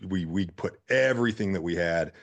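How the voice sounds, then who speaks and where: A man's voice: low-pitched, moderate pace, gravelly. A middle-aged man from Utah, telling business stories as a guest in a casual interview and acting out the people he quotes. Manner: animated, acts out quotes. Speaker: guest entrepreneur. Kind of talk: casual storytelling.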